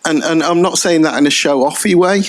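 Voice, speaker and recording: A man in his fifties speaking on a conference panel, animated and digressive, often repeating words as he thinks. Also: on the high side, brisk. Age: 50s. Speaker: panelist, training provider. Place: conference hall stage.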